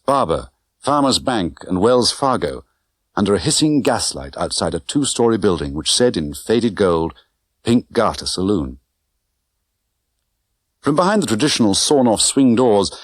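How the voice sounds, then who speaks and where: A man narrating an audiobook with an expressive, dramatic reading. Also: lowish voice, no echo. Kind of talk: scripted narration. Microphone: close studio mic.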